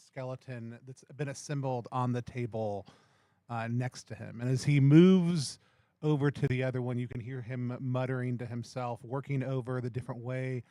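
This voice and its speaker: A man's voice: medium pitch, mellow, dry recording. A man narrating a tabletop game scene like a camera shot, with fillers. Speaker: player narrating his scene.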